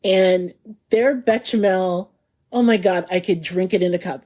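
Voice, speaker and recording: A woman's voice: on the low side, unhurried, warm tone. A woman co-hosting a casual food podcast, describing a dish with savoring enthusiasm. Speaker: podcast co-host.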